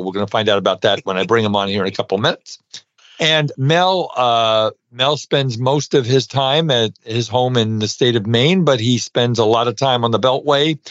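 A man's voice: mid-range voice, no echo, dull audio. Chatty New York man, podcast host. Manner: chatty, many uh fillers, warm thank-yous. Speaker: podcast host, dental CPA. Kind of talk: casual podcast monologue.

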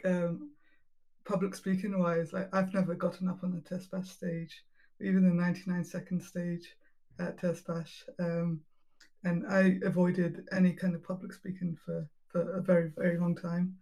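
A woman's voice: lowish voice, a little mellow, low-quality recording. A woman from the community team chatting casually with frequent laughs and fillers. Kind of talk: casual live chat.

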